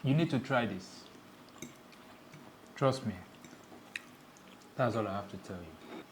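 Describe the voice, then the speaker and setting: A man's voice: on the low side, slow pace, noisy background. A Nigerian man co-hosting a casual cooking vlog, joking and playful in his talk. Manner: playful, jokey, animated. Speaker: vlog co-host.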